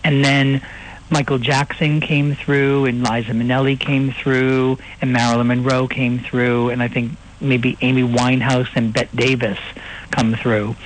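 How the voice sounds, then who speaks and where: A man guesting on a radio interview, playful and quick with joking asides. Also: medium pitch, level tone, a little hiss or hum, poor audio.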